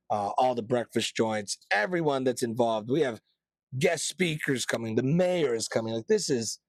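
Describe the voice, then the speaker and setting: A man's voice: medium pitch, dry recording. A man hosting a casual podcast, talking in a loose, joking, promotional way. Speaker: podcast host.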